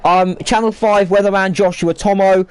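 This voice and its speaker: A man's voice: high voice, steady tone, moderate pace, smooth. A man giving casual, jokey live commentary on an online sim race, full of banter.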